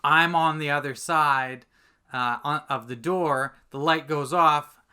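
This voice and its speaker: A man telling a lively anecdote as a guest on a casual podcast, full of fillers and restarts. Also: fairly high pitch, slow pace, clean tone. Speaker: podcast guest, commercial content producer. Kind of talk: casual storytelling chat.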